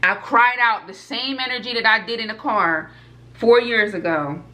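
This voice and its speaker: A woman in her twenties speaks to her camera audience with fervor. She leans on repetition and emphasis. Her voice sits a little high and rings bright and forceful. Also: moderate pace. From United States. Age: 20s. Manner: addresses viewers directly. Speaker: food vlogger. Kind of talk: personal testimony to camera.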